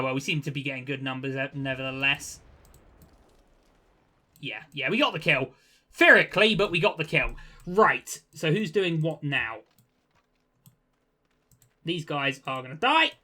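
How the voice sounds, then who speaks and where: A young man giving casual gameplay commentary, chatty and quick to get exasperated, with jokey asides. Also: fairly high pitch, big pitch swings, bright, forceful tone. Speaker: gaming video creator.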